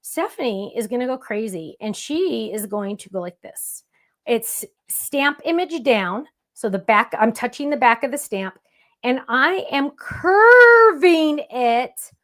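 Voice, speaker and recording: A woman hosting a crafting show, chatting excitedly and talking herself through each step of a stamping demonstration. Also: on the high side, unhurried.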